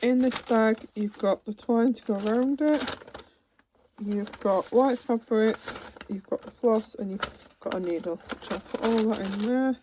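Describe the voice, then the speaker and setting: A woman's voice: fairly high pitch, measured pace, dark tone, a little hiss or hum. A woman vlogging at home, chatting casually as she unpacks a cross-stitch kit, with trailing asides. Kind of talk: casual chat while unboxing. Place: home, seated in a computer chair.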